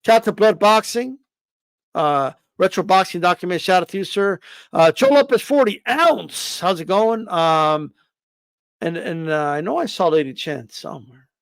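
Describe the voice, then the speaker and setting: Man, high voice, ranting boxing commentary, profane, repetitive, rhetorical questions, dry sound. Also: normal speed, gravelly, dry recording. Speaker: boxing commentator on a live stream. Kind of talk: casual opinionated commentary.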